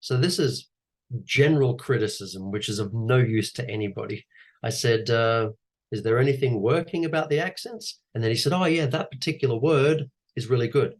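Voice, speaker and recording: A man, an actor and teacher, giving coaching advice in an animated, conversational way and repeating his key phrases. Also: lowish voice. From Australia. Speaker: guest speaker, actor and teacher.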